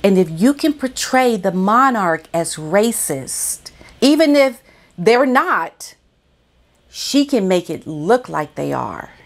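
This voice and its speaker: A woman's voice: mid-range voice, slow. Chatty woman vlogger giving commentary. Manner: animated, chatty, talks straight to viewers. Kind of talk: casual commentary to camera.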